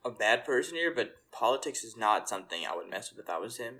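Animated man, lively bright voice. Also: medium pitch, fast. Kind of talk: casual chat.

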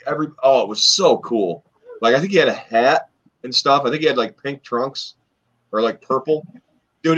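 Guy rambling thru old wrestling stories, lots of ums, kinda muffled lo-fi audio. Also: a little high. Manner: rambling, animated storyteller with many fillers. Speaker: podcast co-host, former wrestler. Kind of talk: casual storytelling chat. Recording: dull lo-fi podcast audio.

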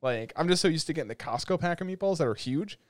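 A man co-hosting a podcast, telling a long animated rant in casual chat. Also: a little high, quick pace, no echo. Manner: animated ranting storyteller. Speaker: podcast co-host.

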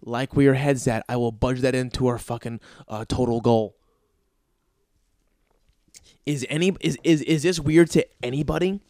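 A young Los Angeles podcast host rants in a profane, comedic way, swearing constantly and mocking people with sarcastic quoted voices. His mid-range, slightly mellow voice moves at a moderate pace with long pauses, and the studio sound is clean with no echo.

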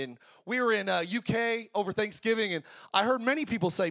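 A man in his forties preaching a sermon as pastor, energetic and conversational, with jokes. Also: high-pitched, fairly quick, gravelly, few pauses. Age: 40s.

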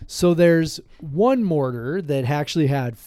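A man's voice: fairly high pitch, animated, a little slow, warm tone, no room sound, clean studio sound. Chatty man telling a rambling story. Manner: rambling storyteller, lots of "like" and restarts. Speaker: podcast co-host. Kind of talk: casual chat. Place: podcast room, shared with co-host.

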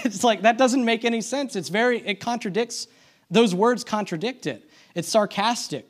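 A male church speaker with a high, lively voice at normal speed gives a conversational sermon. It's full of restarts and self-deprecating asides, and he keeps asking the congregation for amens.

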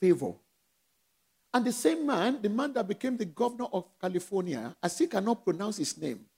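Nigerian-accented male pastor, gravelly high voice, preaching to his church in call-and-response. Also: very animated, brisk, mellow. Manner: call-and-response preaching, rising and dropping in volume. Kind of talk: sermon.

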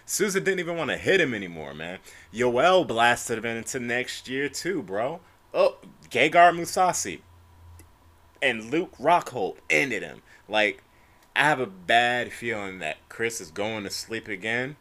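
Bright-voiced young man ranting about fights. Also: mid-range voice, measured pace. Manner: animated, profane, says bro and man constantly. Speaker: podcast host. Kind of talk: solo fight-news podcast rant.

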